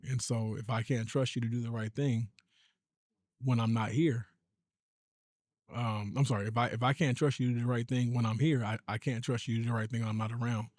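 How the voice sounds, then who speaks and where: A man's voice: mid-range voice, fairly even intonation, brisk, a little mellow, dry recording, studio quality. Easygoing man telling parenting stories. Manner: easygoing storyteller, acts out stern quotes to his daughter. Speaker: podcast co-host. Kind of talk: casual chat.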